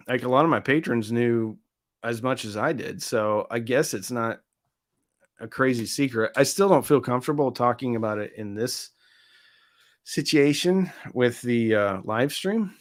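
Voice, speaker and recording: A man in the middle of a relaxed live stream, reading out viewer messages and answering each one. His voice sits at an ordinary pitch. He talks loosely, full of "um" and "like" and quick asides.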